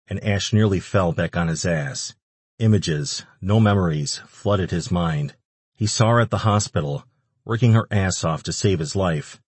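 Deep, husky male audiobook narrator. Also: no echo. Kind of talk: scripted narration.

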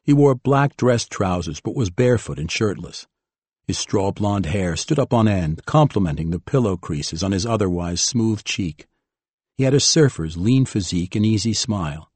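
Male audiobook reader, lowish voice, dry close sound, measured delivery. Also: animated, a little mellow, husky, no echo. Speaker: audiobook narrator. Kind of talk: scripted narration.

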